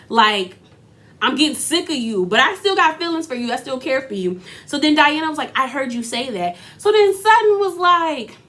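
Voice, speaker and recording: High-pitched and sassy, this woman recaps reality TV with lively slang in casual commentary. Her retelling is animated and slangy, with quotes acted out.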